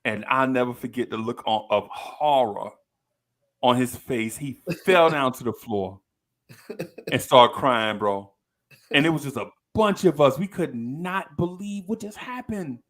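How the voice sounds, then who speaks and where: A man in his fifties, co-hosting a podcast, telling a story with lively energy and acting out the people in it. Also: medium pitch, a little slow. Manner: animated storyteller, acts out quoted people in a raised voice. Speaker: podcast co-host. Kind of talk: casual chat.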